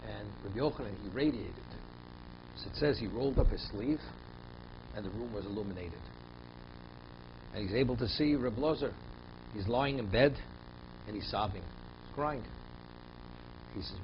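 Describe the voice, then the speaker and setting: Emphatic rabbi teaching a Torah class. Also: male voice, lowish voice, normal speed, long pauses, highs cut off, noisy background. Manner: emphatic, rhetorical questions, repeats phrases while thinking.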